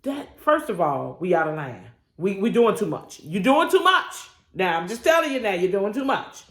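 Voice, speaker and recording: A woman's voice: medium pitch, big pitch swings, moderate pace. A woman preaching a morning devotion with call-and-response energy and homey asides. Her voice swings all over its range. The sound is roomy, with some echo around her. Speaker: host of a devotional channel.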